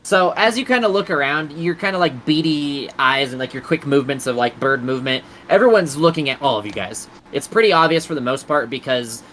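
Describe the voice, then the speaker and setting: A man's voice: fairly high pitch, animated, brisk, few pauses, fairly bright tone, slight background noise, low-quality recording. Casual man running a tabletop game. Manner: casual, rambling with fillers. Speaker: game master.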